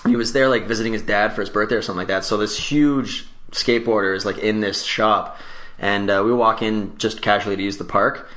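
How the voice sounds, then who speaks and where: A young man, telling stories quickly and animatedly in a casual chat. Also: fairly low pitch. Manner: fast, animated storytelling with laughs.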